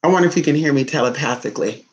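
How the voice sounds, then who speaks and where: A man's voice: on the high side, very fast. Sassy man chatting on a lo-fi vlog. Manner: playful, sassy, coos at his pet in baby talk. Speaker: vlogger. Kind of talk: casual vlog talk to viewers and his dog. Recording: dull lo-fi sound.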